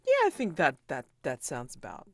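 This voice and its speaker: Animated low-voiced woman game master. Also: normal speed, no room sound. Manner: animated, laughing, many fillers. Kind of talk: narrating a tabletop game.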